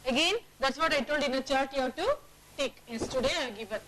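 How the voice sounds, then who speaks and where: A woman teacher with a high voice leads her class through a phonics lesson, drilling words aloud and checking understanding with quick questions. The recording is low quality, with crowd noise.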